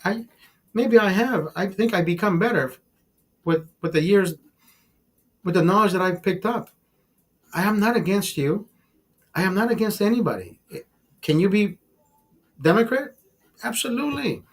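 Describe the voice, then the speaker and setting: Stream host, male, fairly high voice, swears constantly, ranting and repeating himself. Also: expressive, normal speed, pauses often, breathy edge. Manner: profane, emphatic, calls listeners brother; repeats and restarts words while ranting. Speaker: livestream host. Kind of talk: casual livestream rant.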